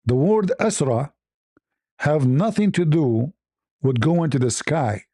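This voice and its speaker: A man's voice: fairly high pitch, sing-song, slow pace, warm tone, no room sound, clean studio sound. A man giving mocking, combative commentary as a debater. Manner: combative, sarcastic. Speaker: online debater.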